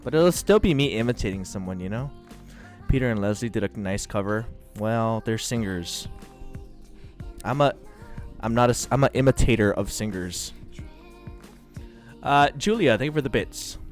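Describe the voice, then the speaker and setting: A man's voice: mid-range voice, moderate pace, long pauses, soft background music. A man in his thirties streaming live, chatting casually, laughing and trying out rap voices.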